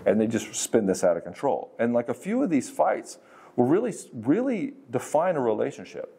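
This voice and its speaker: A man's voice: mid-range voice, very animated, normal speed, gravelly, dark tone, slightly rough. A man giving frank, conversational relationship advice, swearing casually and acting out what partners say. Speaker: dating and relationship coach. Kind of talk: casual advice monologue to the camera.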